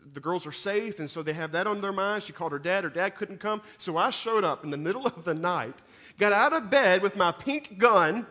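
A man, preaching a sermon that moves between scripture reading, prayer and lively storytelling, often repeating words as he goes. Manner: animated storyteller, repeats words, rises in pitch and volume at dramatic moments. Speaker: pastor.

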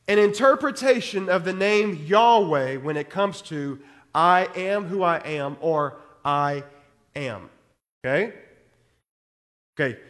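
High-voiced preacher man in a reverberant hall. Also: a bit bright. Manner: teaching verse by verse, with repeated checks like "okay?". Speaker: pastor. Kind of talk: sermon.

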